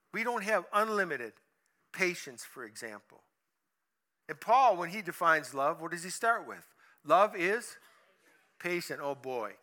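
A man preaching a sermon in an animated storytelling manner, asking his listeners questions and acting out voices along the way. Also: high-pitched.

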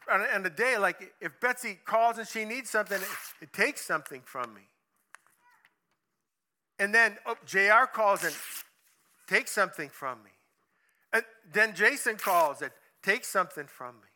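A man preaching a sermon in an animated storytelling manner, asking his listeners questions and acting out voices along the way. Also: sits high, moderate pace.

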